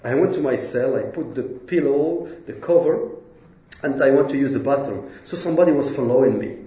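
Mellow-voiced man telling his story in a roomy space. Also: medium pitch, highs cut off. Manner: earnest, halting non-native English with frequent restarts. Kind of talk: personal storytelling talk.

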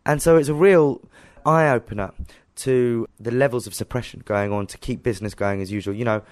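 A man, an activist guest telling a story in a casual interview with animated delivery. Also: mid-range voice, fairly quick. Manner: animated storytelling, acting out dialogue.

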